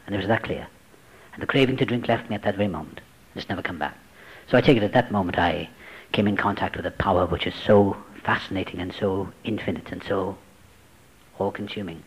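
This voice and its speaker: A man telling his recovery story to a group, acting out the voices he quotes and dropping to a hush at tense moments. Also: low voice, fairly quick, breathy edge, low-quality recording. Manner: dramatic, acts out quoted voices, drops to hushed tones. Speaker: speaker sharing a recovery story. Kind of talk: personal testimony, storytelling.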